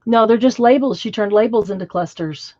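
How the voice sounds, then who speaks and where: A woman's voice: a little high, a little fast, mellow, dry recording, muffled recording. A woman hosting a casual craft stream, chatting and half-singing while she works. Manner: chatty, hums and half-sings a nursery tune. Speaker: craft show host.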